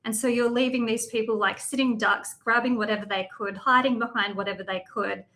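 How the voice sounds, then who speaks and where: A woman's voice: a little high, steady tone, fairly quick, sharp tone. An Australian woman speaking as a guest, blunt and emphatic, talking with rising indignation. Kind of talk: impassioned interview talk.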